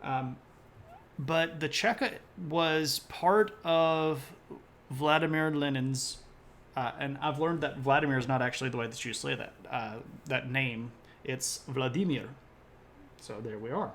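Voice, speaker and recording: Male history streamer, casual lecture, mid pitch, self-correcting asides, faint room hum behind. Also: fairly even intonation, measured pace, fairly bright tone.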